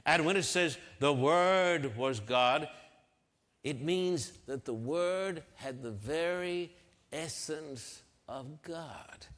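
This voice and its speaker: An older man delivers a sermon at a deliberate, unhurried pace, his voice sitting a little high. He leans on key phrases and repeats them for emphasis. His words ring out with the long reverb of a large hall. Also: fairly bright tone. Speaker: preacher.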